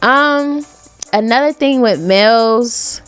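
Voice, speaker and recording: A young woman. She is a podcast guest telling stories in a casual, animated way and acts out what her relatives said. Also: fairly high pitch, slow, clean tone, soft background music. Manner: animated, quotes family members in dialogue. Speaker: interview guest. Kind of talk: casual storytelling.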